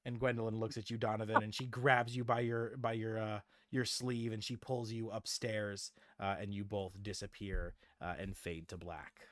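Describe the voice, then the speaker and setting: A man narrating a tabletop game as game master, halting with many fillers. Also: fairly low pitch, little pitch movement, a bit bright, no echo.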